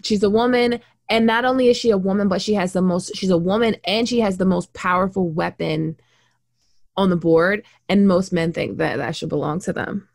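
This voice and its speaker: A woman talking casually and with animation, blunt and quick to swear. She slips into little acted-out quotes as she goes. The sound is close and dry. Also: medium pitch, vocal fry, darkish tone, no room sound. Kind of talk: casual book discussion.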